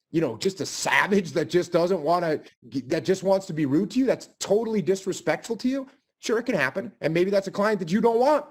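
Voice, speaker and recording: A man answering audience questions in a blunt way, often repeating phrases for emphasis. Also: high voice. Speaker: guest speaker.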